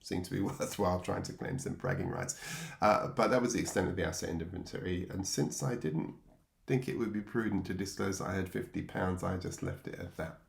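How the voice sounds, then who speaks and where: Gravelly English man telling his story. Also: sits low, fairly quick, reverberant. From England. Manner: reflective, wry, laughs at himself, acts out voices from memory. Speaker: memoir narrator. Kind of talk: personal storytelling.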